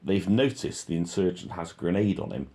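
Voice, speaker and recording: Low gravelly man reading aloud. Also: expressive, fairly quick, dark tone. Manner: offhand asides, frequent ums and self-corrections. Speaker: reader and commentator. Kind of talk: reading a transcript aloud with commentary.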